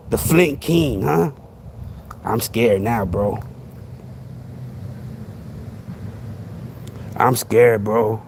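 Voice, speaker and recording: A man with a high, gravelly voice rants sarcastically into his podcast mic, piling up rhetorical questions in street slang. His pitch swoops all over the place as he plays at being scared. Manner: sarcastic, mock-frightened, repetitive rhetorical questions. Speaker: podcast host. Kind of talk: casual monologue rant.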